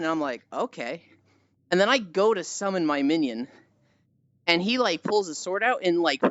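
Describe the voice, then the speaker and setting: Animated, lively-voiced woman streamer. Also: fairly low pitch, lo-fi sound. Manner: animated storytelling, swears often. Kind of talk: casual chat with viewers.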